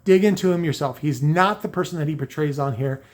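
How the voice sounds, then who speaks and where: A man with a fairly high voice ranting straight to camera. He rambles, keeps restarting his sentences and leans into sarcasm as he talks to his viewers. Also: fairly quick. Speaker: car audio video maker. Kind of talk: unscripted rant to camera.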